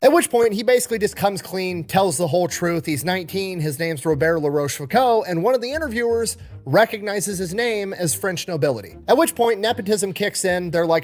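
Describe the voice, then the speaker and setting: A man with a slightly raised voice runs through a wartime history story at a steady clip. His telling is casual and blunt, full of slang and dry asides. It sounds like a relaxed storyteller rather than a formal lecturer. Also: high voice. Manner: brisk, blunt, slangy retelling with wry jokes. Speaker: history storyteller in a played video.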